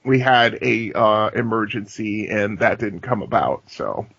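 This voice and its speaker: A man's voice: on the low side, unhurried, gravelly, fairly bright tone, breathy edge, dry recording. A man co-hosting a gaming podcast in casual chat, with dry, laid-back replies. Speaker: podcast co-host and game master. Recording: dull, lo-fi podcast audio.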